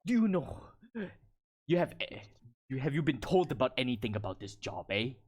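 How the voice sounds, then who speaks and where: A man voicing a boisterous, amused female giant warrior in her twenties, speaking heartily and slowly. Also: extremely low pitch, very animated, a little mellow, husky, heavily acted. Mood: curious. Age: 20s.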